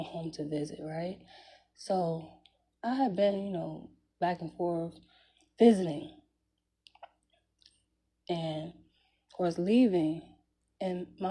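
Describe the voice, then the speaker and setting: A woman's voice: fairly low pitch, mellow, slightly rough. A woman, telling a personal story in a candid, conversational way, swearing freely and chuckling between phrases. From Jacksonville, Florida, US. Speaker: vlogger.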